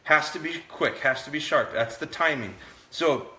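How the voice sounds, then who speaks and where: A man runs a live dog training session, explaining each step to viewers in a relaxed way. His voice is bright and forward. The room around him rings with echo. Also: a little high, normal speed. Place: indoors.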